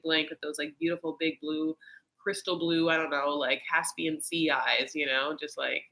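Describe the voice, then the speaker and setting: A woman's voice: lowish voice, sharp tone, low-quality recording. A woman hosting a casual reality-TV recap chat, chatty and campy, slipping into exaggerated voices to mimic people. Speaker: host.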